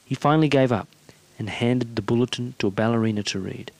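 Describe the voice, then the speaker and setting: A man reading a short story aloud in a measured, plain storytelling manner. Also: mid-range voice, dry recording. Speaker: narrator.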